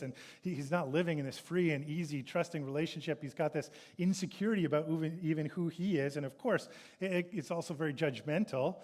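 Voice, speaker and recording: A male pastor preaches a little fast with hardly any pauses, his voice on the high side and a bit mellow. He reads scripture and retells it, occasionally acting out the sons' complaints in a raised voice.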